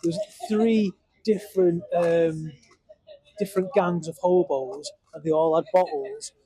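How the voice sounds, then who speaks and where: A man's voice: a little high, fairly even intonation, unhurried, mellow, husky, no echo. A man co-hosting a podcast, sweary and joking in casual banter. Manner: sweary, joking, laughs a lot. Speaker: podcast co-host.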